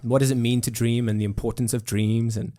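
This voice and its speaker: A man's voice: medium pitch, little pitch movement, a little fast, dark tone. A young man in his twenties with a South African accent, talking earnestly and reflectively in an interview, with many fillers and restarts. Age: 20s. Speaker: musician guest. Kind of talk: casual interview conversation.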